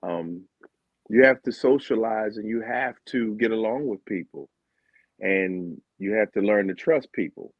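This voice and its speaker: A man from Baltimore telling his story as a guest, animated and sometimes acting out what others said. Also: on the low side, a little slow, breathy edge, no echo. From Baltimore, Maryland, USA. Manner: animated, acts out quotes of teammates. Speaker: guest, former Olympic sprinter. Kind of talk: candid conversational storytelling. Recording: dull lo-fi sound.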